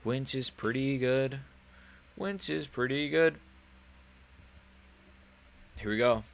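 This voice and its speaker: On a casual live stream reacting to fights, a man rambles and jokes in loose slang. His creaky voice sits at a medium pitch, right in the middle of a man's range, and he speaks slowly.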